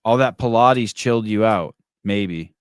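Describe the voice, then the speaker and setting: A middle-aged man with a lowish voice tells a story as a podcast host, swearing freely and getting animated. His voice sounds close and dry, with no room around it. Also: unhurried, clear, resonant tone, no echo. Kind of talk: casual storytelling and reading comments.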